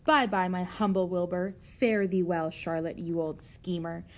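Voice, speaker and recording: A woman's voice: on the low side, steady tone, a little slow, lightly acted. A woman voicing a greedy male rat who talks in a sneering, boastful way.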